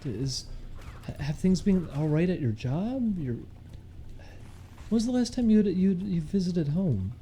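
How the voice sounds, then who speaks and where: A man's voice: sits high, sing-song, a little slow, long pauses, warm tone. A man putting on the voice of a prying, patronizing male therapist who questions in a mock clinical tone.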